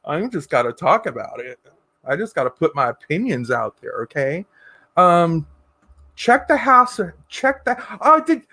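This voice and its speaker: A campy, sassy man holds court on his livestream, reading out comments and calling viewers darling and honey. His voice sits high and his delivery is slow and leisurely, and the recording is dry and close. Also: big pitch swings, pushed and bright, no echo. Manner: sassy, campy, drawn-out endearments; reads viewer comments aloud. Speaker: livestream host. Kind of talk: casual livestream chat.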